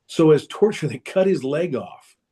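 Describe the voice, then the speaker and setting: A man's voice: on the high side, animated, moderate pace, warm tone. A man telling a personal story as a guest in a casual, rambling way, with many restarts, over a video call. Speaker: guest speaker.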